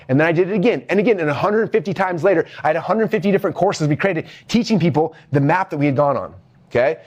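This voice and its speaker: Middle aged guy coaching business, fast talker, keeps asking "okay?", animated. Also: high voice. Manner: animated, keeps checking in with the audience. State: out of breath. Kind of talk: energetic teaching talk.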